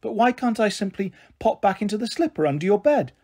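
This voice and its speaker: A tiny, frail fairy speaks in a hoarse, husky voice pitched high above the reader's own, as a man puts her on. She is prim and old-fashioned, always plaintive and easily appalled. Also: very animated, a little fast, dark tone, heavily acted. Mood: moaning.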